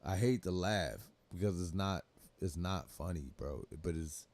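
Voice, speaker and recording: A man's voice: sits low, measured pace, a little mellow. A young man hosting a livestream, reacting to clips in loose, laughing talk full of swearing. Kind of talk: casual profane reaction commentary.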